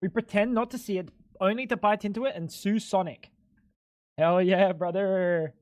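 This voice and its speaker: A man's voice: steady tone, moderate pace, a little mellow, no echo. Joking young male streamer, dry close sound. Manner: loose and joking, swears freely, talks straight to chat; jumps into high, incredulous squeaks when baffled. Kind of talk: casual live-stream chatter to chat.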